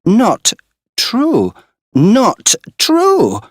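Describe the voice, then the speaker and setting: A man reading an audiobook, voicing a wildly angry young woman who shouts and repeats her insults. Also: sits high, huge pitch swings, moderate pace, no room sound, clean studio sound, voice pushed up, full character voice. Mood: furious.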